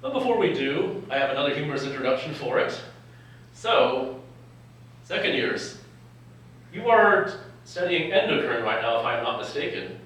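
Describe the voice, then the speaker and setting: In a lecture hall, heard from a distance, a young doctor from California speaks to medical students at a live event in a sing-song, fairly bright, medium-pitched voice. He keeps a moderate pace, pauses often, and jokes and chuckles frequently.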